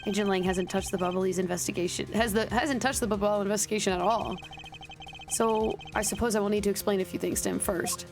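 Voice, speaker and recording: A woman's voice: medium pitch, steady tone, fairly quick, natural voice. Woman voicing a proud blunt male agent, plain own voice, read aloud, game music behind. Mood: challenging. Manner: reads with stumbles and self-corrections.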